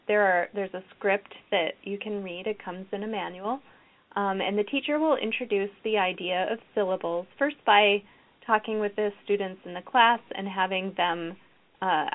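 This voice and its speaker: A woman gives a recorded lecture for teachers, walking through classroom games and acting them out as she goes. Her voice sits at a middle pitch. The audio is thin and phone-like. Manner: explanatory, models classroom activities aloud. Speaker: educator presenting a reading program.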